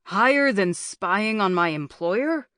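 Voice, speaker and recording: A woman's voice: on the low side, moderate pace, clean tone, no room sound, studio quality, lightly acted. A woman voicing a wary male journalism teacher. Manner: wary, hesitant.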